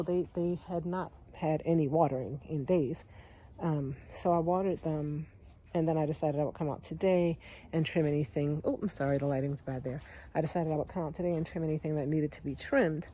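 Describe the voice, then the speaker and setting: This casual garden vlog has a homestead vlogger in her thirties touring her backyard, chatty and given to sighs, calling her audience y'all. Her voice sits low with a warm tone, fairly even intonation and a brisk pace.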